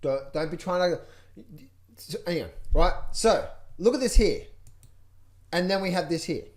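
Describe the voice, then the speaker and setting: A man's voice: high-pitched, lively intonation, takes it slowly. A man coaching traders through charts, talking to viewers with energy and lots of repetition, sometimes mimicking panicked traders. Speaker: trading coach. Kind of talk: chart walkthrough, direct to viewers.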